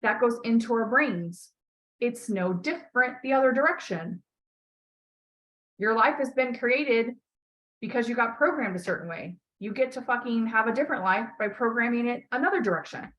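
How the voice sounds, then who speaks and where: Bright, emphatic woman coaching bluntly. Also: on the high side, expressive, moderate pace. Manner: blunt, emphatic, swears often; encouraging, repeats key phrases. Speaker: life coach. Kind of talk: coaching call.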